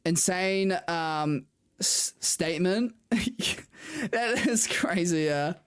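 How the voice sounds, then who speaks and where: A woman's voice: fairly low pitch, takes it slowly, clean tone. A young woman racing driver streamer chatting casually with viewers, saying "like" a lot and laughing often. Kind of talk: casual livestream chat with viewers.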